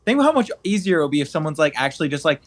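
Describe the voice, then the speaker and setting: A man's voice: fairly high pitch, very animated, racing. A young man co-hosting a casual podcast over a video call, teasing and matter-of-fact. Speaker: podcast co-host. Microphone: remote video call mic.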